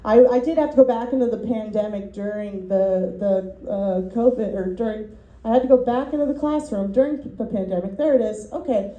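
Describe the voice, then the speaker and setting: A woman's voice: medium pitch, a little fast, warm tone, echoey room, lo-fi sound. A woman doing a rambling, self-deprecating stand-up set at a student showcase, full of ums and little laughs, as the class's comedy teacher.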